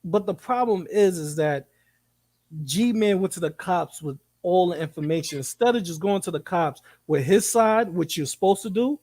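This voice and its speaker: A man co-hosting a live commentary stream, talking in an animated, profane and rambling way, often repeating himself. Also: sits high, normal speed, dry recording.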